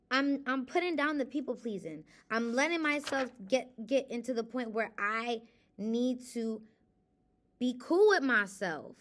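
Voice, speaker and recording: A woman's voice: on the high side, lively intonation, normal speed. A young adult woman, reading from a self-help book and then venting candidly to camera in a casual confessional vlog. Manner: emotional, candid, shifts between reading aloud and venting.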